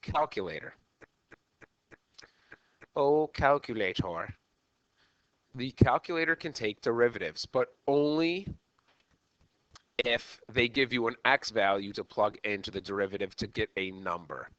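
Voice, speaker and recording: A man teaching a math lesson as a teacher, animated and checking in with "okay" again and again. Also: medium pitch, a little slow, long pauses, no echo, dull audio. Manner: animated, repeats "okay" often. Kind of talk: classroom lecture.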